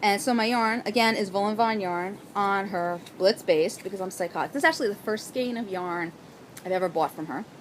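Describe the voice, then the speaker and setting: A woman's voice: mid-range voice, a little fast, a little hiss or hum, rough recording. Bubbly woman gushing about knitting finds. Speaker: knitting podcast host. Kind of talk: casual chat. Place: outdoors.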